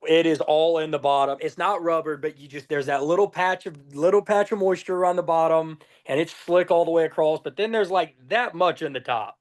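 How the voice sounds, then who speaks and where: A young man from Georgia, telling profane, lively race stories as a podcast guest. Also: fairly high pitch, brisk, few pauses. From Georgia, USA. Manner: profane, lively anecdotes with acted-out dialogue. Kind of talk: casual storytelling.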